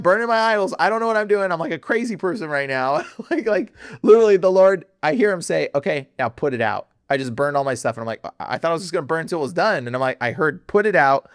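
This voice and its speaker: A man telling a personal story as a podcast guest, excitable and slangy, laughing often and jumping high in his voice when worked up. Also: dry recording, clean studio sound.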